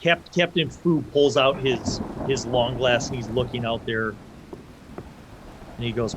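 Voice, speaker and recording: A man runs a tabletop adventure as game master, painting scenes in loose, vivid descriptions. His voice sits at an everyday middle pitch. Faint noise hums in the background. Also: fairly even intonation, normal speed, a bit bright, low-quality recording. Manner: vivid, loose descriptions that act out side characters.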